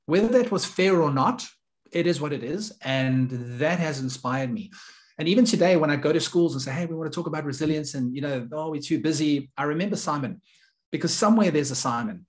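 A man's voice: fairly high pitch, animated, fairly quick. A middle-aged man, an earnest and emphatic storyteller speaking as a guest in an interview. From South Africa. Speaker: guest, leadership coach.

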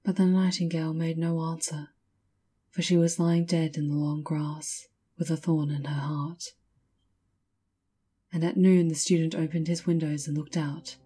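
A woman reads a fairy tale aloud in a measured, lyrical manner. Her voice is low and husky, with a mellow, dark warmth that fits a storybook reading. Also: little pitch movement. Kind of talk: scripted storybook narration.

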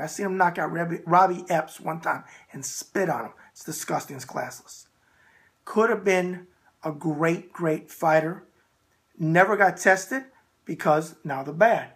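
A man hosting his show, reading viewer letters aloud and answering in a blunt, animated, casual way, repeating catchphrases. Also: sits high, creaky. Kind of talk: casual emphatic talk.

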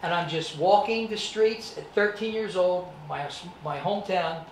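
A man giving a motivational talk to students, telling his story in a dramatic, animated way. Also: sits high, a little slow, a little hiss or hum. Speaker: actor and martial artist giving a presentation. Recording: echoey room, distant mic.

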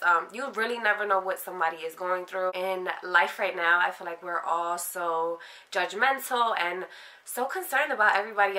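A young woman from Philadelphia speaks to her camera with a clear, bright voice. She tells a personal story candidly, emotional and close to tears, wandering through fillers as she goes. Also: medium pitch. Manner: emotional, heartfelt, rambling with fillers. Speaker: vlogger.

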